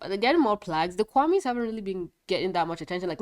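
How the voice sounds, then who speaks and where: A woman with a congested voice chatting through a casual video review, rambling and quick to laugh. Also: medium pitch, expressive. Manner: a bit foggy and scattered. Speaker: show reviewer.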